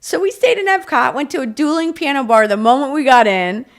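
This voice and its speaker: A woman's voice: sits high, fairly quick, gravelly. A middle-aged woman, a leadership coach, telling stories in a podcast interview with lots of energy and acted-out quotes. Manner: energetic, animated storyteller who acts out quotes.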